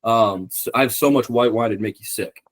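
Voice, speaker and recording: Speaking at a normal speed in a mid-range voice, a young man co-hosts a podcast. The conversation is casual, and he rambles along with plenty of ums and free-flowing profanity.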